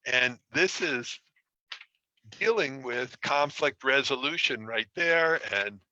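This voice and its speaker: Bright-voiced male relationship coach. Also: mid-range voice, lively intonation, slow pace, no echo, lo-fi sound. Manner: conversational, self-deprecating storytelling. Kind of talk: online course lecture. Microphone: streaming from a computer.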